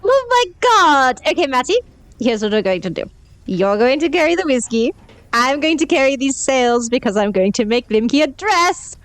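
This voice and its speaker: A woman's voice: on the high side, dry recording. A woman playing a tabletop game, voicing her drunk character in a bubbly, exaggerated way. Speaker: player.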